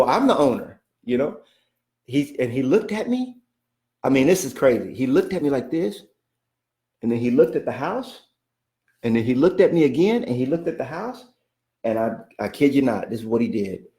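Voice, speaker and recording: Male coach, middle-aged, mid pitch, folksy storyteller with restarts, roomy echo. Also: darkish tone. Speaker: real estate coach. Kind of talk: casual storytelling talk. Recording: echoey room.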